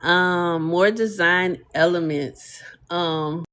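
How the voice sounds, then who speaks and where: Woman, live stream host, casual tutorial, chatty, slow pace. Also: on the low side, steady tone, a bit bright. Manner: chatty, talks to viewers and reads chat aloud; frequent laughs and fillers. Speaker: live stream host demonstrating a design tool. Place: home desk, streaming live.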